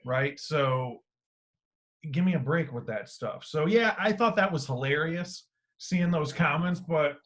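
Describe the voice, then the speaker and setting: A man hosting a casual podcast, talking in an animated way with free swearing, his voice swinging between loud and quiet. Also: on the high side, unhurried. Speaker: podcast host.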